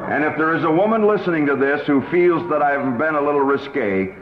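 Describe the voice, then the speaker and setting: A man's voice: fairly high pitch, expressive, a little fast, noisy background. A man lecturing on selling, telling stories in an emphatic way. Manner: emphatic storyteller. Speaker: sales trainer. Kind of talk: sales seminar lecture with anecdotes. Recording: roomy hall, dull lo-fi tape.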